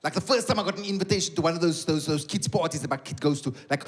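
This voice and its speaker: A man's voice: a little high, rapid-fire, few pauses. A middle-aged South African man doing live stand-up, telling stories with acted-out voices and asides to the audience. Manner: animated storytelling with acted-out voices and asides to the crowd. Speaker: stand-up comedian. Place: live comedy venue with an audience. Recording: loud live crowd and background noise. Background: audience laughter and applause.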